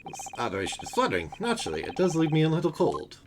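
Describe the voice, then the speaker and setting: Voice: medium pitch, huge pitch swings, very fast, noisy background. A streamer doing a pompous grand detective. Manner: grandiose, theatrical, self-satisfied. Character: pompous eccentric male great detective.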